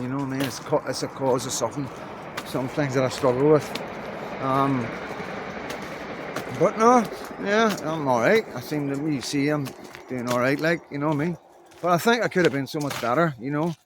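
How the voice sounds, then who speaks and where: A man's voice: mid-range voice, noisy background. A middle-aged man, rambling casually in an unscripted vlog and leaning on fillers. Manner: rambling, loose talk full of "you know what I mean" fillers. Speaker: vlogger.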